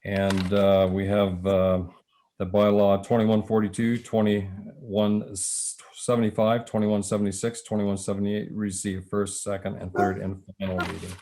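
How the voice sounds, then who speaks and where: A Canadian man chairs a council meeting in a deep, flat, mellow voice. He speaks haltingly, full of fillers, and his voice is going. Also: a little hiss or hum. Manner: halting, many filler pauses. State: losing his voice.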